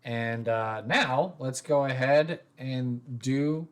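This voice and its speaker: A man who hosts a tabletop role-play podcast and acts as its game master chats casually in a mid-range voice, taking his time. He rambles, with lots of fillers and restarts.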